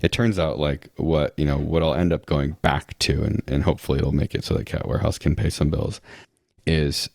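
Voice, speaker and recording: Very deep-voiced man, rambling. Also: flat delivery, brisk, creaky, a little mellow, dry recording, studio quality. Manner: rambling, full of restarts and "like"; dryly sarcastic asides. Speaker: guest. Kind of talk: casual interview chat.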